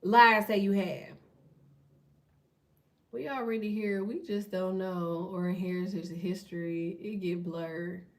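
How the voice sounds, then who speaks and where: A woman hosting a tarot channel, talking in a blunt, profane, fast casual rant. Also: lowish voice, steady tone, distant mic. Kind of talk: casual ranting monologue.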